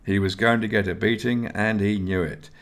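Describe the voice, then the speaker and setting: A man narrating a fantasy audiobook in a steady, measured reading voice. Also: lowish voice.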